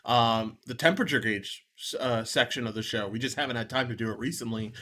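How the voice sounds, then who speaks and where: A man's voice: medium pitch, quick pace, sharp tone. A man co-hosting a sports show, chatting casually and running through game results with frequent laughs. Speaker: co-host of a sports betting show.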